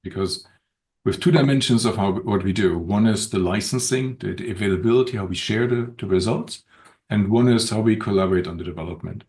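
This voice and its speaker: Casting: deep-voiced man, measured podcast guest, pauses often to think. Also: darkish tone. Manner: thoughtful, measured, frequent ums and restarts. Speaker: podcast guest, open-source community director. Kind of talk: unscripted podcast conversation.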